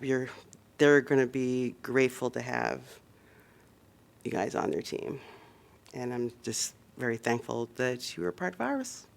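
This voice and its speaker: A man, a city commissioner, giving halting, warm thanks at a public meeting, with light laughs along the way. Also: mid-range voice, vocal fry. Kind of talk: public meeting farewell remarks.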